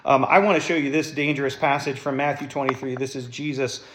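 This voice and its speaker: A man's voice: medium pitch, steady tone, quick pace, fairly bright tone, reverberant, a little hiss or hum. A man preaching a sermon as pastor, emphatic, putting rhetorical questions to the congregation.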